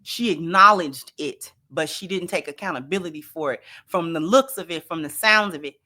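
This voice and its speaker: A woman's voice: fairly low pitch, moderate pace, hardly any pauses, sharp tone. A woman hosting an opinionated commentary show, speaking emphatically and repeating lines for effect. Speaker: commentary channel host.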